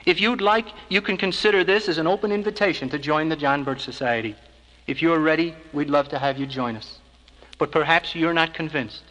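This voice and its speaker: A man with a fairly high voice delivers scripted filmstrip narration in a measured, earnest tone, pressing his case steadily. The sound is an old 1970s filmstrip track with a long hall reverb trailing each phrase. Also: steady tone, fairly bright tone. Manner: measured, earnest persuasive address. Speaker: organization spokesman narrating a filmstrip.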